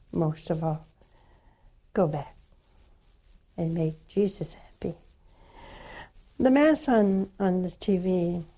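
An older woman hosts a religious call-in program, speaking slowly to a caller. Her voice is mellow and dark, and she leans on key words with pastoral insistence while staying tender. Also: medium pitch. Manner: slow, warm pastoral counseling, emphatic and coaxing. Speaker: religious TV host taking calls.

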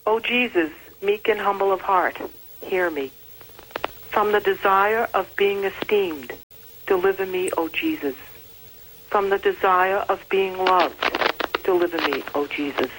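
A woman caller reciting a litany prayer in a steady, devout, repetitive cadence. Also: medium pitch, unhurried, a little hiss or hum, rough recording.

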